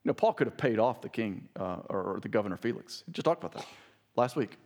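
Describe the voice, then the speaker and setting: This pastor talks fast, with lively intonation and a slightly mellow voice. His sermon swells in pitch and volume during scripture readings, and he turns to his congregation with asides like "listen".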